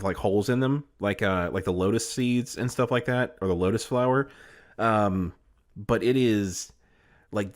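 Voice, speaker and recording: A man co-hosting a comedy podcast, chatting casually with lots of fillers, restarts and frequent laughter. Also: on the low side. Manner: laughs often, rambling with many fillers. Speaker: podcast co-host.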